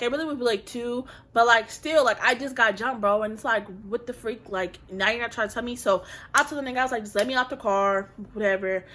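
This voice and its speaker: A woman's voice: fairly high pitch, bright, forceful tone. A woman telling viewers a heated story about a fight in a slangy, emphatic storytime vlog. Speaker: vlogger.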